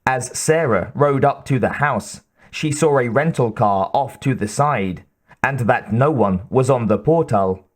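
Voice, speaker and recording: A man reading an audiobook in a measured, even narration. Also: mid-range voice.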